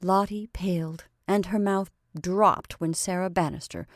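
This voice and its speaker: A woman narrating a classic story in a measured, expressive reading. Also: lowish voice, dry recording, clean studio sound.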